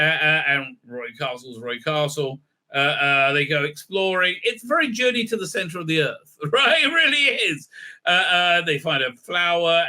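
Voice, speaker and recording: A man's voice: high voice, pushed and bright. A man hosting a casual film recap and review, irreverent and joking, full of "uh, uh" fillers and swearing. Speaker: film reviewer, channel host.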